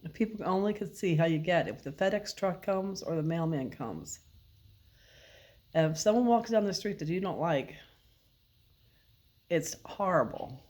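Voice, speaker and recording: A woman's voice: fairly low pitch, lively intonation, moderate pace, pauses often, a little mellow. A woman vlogger talking to her dog in a playful, mock-scolding way, asking him questions.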